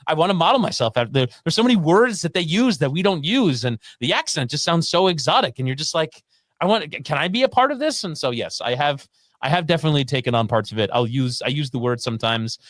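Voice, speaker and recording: A man, a guest sports broadcaster, chatting on sports radio with animated talk and quick restarts. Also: a little high, dry recording, clean studio sound. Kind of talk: casual sports radio chat.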